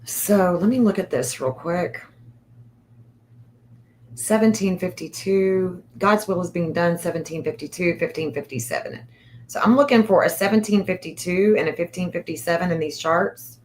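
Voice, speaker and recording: A woman hosting a casual livestream, reading an astrology chart aloud and thinking out loud in a hesitant, repetitive way. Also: lowish voice, normal speed, a little hiss or hum.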